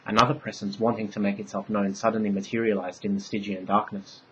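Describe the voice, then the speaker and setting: A man reading his own story aloud in measured, ornate narration. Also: lowish voice, level tone, muffled recording, background noise.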